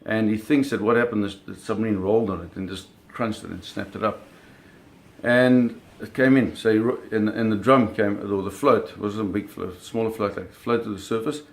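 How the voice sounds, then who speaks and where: Here a man with a gravelly voice on the low side tells a personal shark-hunting story at a moderate pace, his intonation fairly even. It's a casual, vivid anecdote where he mimics sounds and often stumbles into self-corrections and repeated words.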